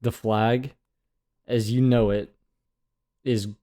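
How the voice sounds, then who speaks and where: A young man in his twenties co-hosts a podcast and trades dry, teasing banter with his partner. His voice sits at an ordinary mid pitch, and he keeps the chat casual. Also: steady tone, slow pace, mellow. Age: 20s. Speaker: podcast co-host.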